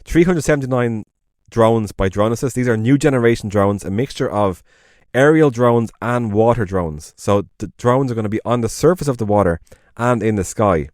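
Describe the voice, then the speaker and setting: A man's voice: medium pitch, moderate pace, darkish tone, dry recording, studio quality. An Irish man co-hosting a podcast, chatting casually and enthusiastically, with lots of fillers and rambling asides. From Ireland. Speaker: podcast co-host.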